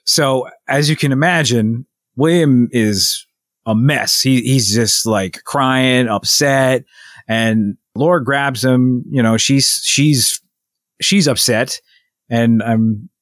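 A man at an average pitch rambles through a family story on a chatty podcast, stopping and restarting as he acts out what everyone said. The recording is close and dry, with no room sound. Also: slow, dry recording. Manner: rambling, animated retelling with many restarts and quoted voices. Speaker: podcast co-host. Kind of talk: casual storytelling chat.

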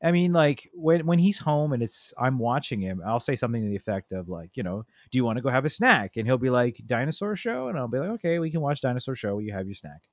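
Animated dad telling a family story. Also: male voice, fast talker, hardly any pauses, no room sound, studio quality. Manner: animated storyteller, acts out quotes with big pitch jumps. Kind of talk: casual chat.

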